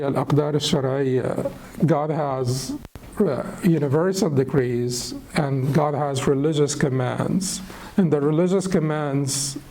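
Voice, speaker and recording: A middle-aged man teaching a lecture on spirituality, unhurried and thoughtful, pausing with fillers and restarting phrases. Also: a little high, mellow, slight background noise, low-quality recording. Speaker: Islamic studies teacher.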